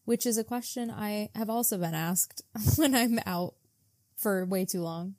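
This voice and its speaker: Mellow-voiced woman podcast host. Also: medium pitch, measured pace, no room sound, studio quality. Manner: retells scenes in mock voices, swears freely. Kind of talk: casual book-club chat.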